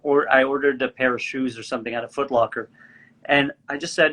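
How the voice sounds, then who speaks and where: A young Canadian man with a Montreal accent, chatting as a guest and telling animated stories that act out other voices. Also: medium pitch, a little fast. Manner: animated storyteller, acts out voices, laughs often. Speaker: guest actor. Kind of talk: casual chat.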